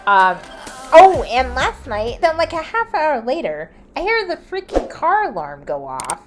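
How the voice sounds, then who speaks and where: Chatty woman with a lively voice. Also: sits high, measured pace, over music. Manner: chatty, laughs often, animated quoting of others. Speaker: vlogger. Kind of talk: casual storytelling vlog.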